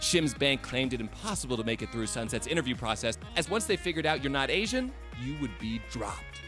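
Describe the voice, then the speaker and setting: A man in his late twenties tells a story in a scripted, comedic voice-over. He speaks at a mid pitch with a wry, sarcastic delivery. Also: lively intonation, fairly quick, over music. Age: late 20s. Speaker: video essay host.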